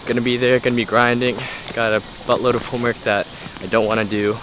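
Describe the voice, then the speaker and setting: A man's voice: mid-range voice, level tone, fast talker, background noise. A young man, a college student, chatting casually to his camera in a slangy, laid-back vlog style. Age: young adult. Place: around a college campus, indoors and out.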